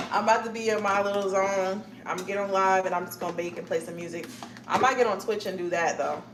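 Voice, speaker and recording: A woman's voice: medium pitch, echoey room, background noise. A young woman chatting casually with her live viewers, rambling from one thought to the next and laughing often.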